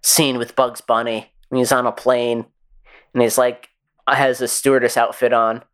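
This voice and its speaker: A man's voice: medium pitch, level tone, normal speed, fairly bright tone, smooth. A man co-hosting a podcast in casual chat, dry and laid-back, swearing casually. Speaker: podcast co-host.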